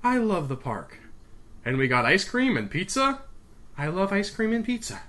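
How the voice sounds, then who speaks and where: A sullen nine-year-old girl, as a man puts her on, sarcastic and flat in her delivery. The voice is raised and bright. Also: high-pitched, normal speed, voice pushed up, exaggerated voice. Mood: deadpan.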